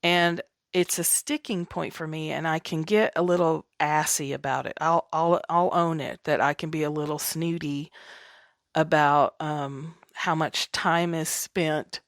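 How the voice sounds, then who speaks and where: A woman's voice: low-pitched, fairly even intonation, unhurried, no room sound, clean studio sound. A woman from the American South hosting her podcast, talking in a chatty, candid, self-deprecating way. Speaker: podcast host. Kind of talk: casual spiritual monologue.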